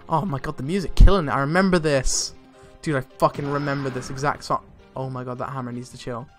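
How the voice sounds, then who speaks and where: Brief: young male let's-player, mid-pitched, hyped and profane, faint game music behind. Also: fast. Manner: excitable, swears a lot, laughs often. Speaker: let's play gamer. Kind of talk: casual gameplay commentary.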